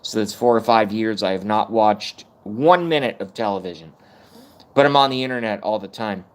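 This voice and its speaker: A man's voice: fairly low pitch, moderate pace. Profane rambling man in his thirties. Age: 30s. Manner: profane, rambling, self-mocking. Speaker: live streamer. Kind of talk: casual rant on a live stream.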